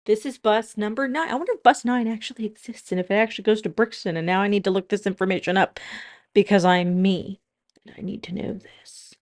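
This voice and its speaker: Young woman vlogger; casual, heartfelt chat that turns bubbly and excitable. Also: medium pitch, brisk. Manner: soft and tearful, then bubbly and excitable.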